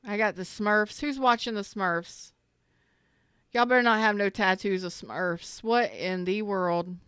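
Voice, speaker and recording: Smooth-voiced woman chatting on a live stream. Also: mid-range voice, unhurried, a bit bright, dry recording, clean studio sound. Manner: chatty, repeats herself, greets viewers by name; swears casually, slangy. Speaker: tarot reader streaming live. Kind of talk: casual live-stream chat and reading.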